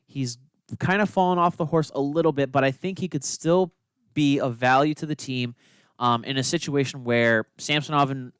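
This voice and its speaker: A man's voice: fairly high pitch, smooth, no room sound, studio quality. A man co-hosting a casual hockey podcast, laid-back with teasing banter. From Minnesota. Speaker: podcast co-host. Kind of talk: casual sports chat.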